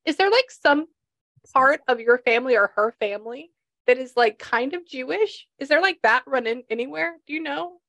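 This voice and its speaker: A woman's voice: high voice, expressive, moderate pace, a bit bright. A woman working as a psychic medium in a casual session, chatty and laughing as she passes on messages.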